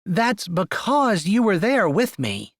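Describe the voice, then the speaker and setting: A man's voice: sing-song, slow, gravelly, dry recording, studio quality, heavily acted. A man putting on an anxious young woman. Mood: teasing. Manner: pitched up, emphatic. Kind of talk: audiobook character voice.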